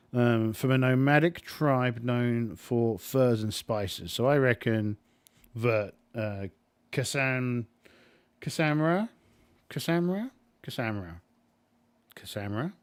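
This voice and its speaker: A man playing a tabletop game alone, thinking aloud in a rambling way full of fillers. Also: mid-range voice. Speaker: solo tabletop game player. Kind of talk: casual solo game narration.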